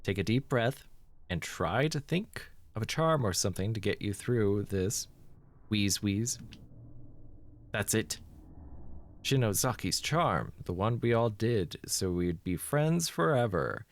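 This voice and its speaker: A man's voice: lowish voice, expressive, slow pace. Frightened teen schoolgirl, anxious and lost, horror game, a man doing her lines. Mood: panicky. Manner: anxious, fretful.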